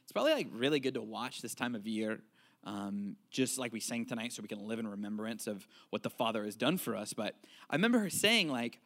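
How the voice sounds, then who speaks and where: A man's voice: on the low side, animated, brisk, fairly bright tone. A man in his thirties preaching a conversational sermon in church, joking and asking the congregation questions. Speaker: pastor. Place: church service.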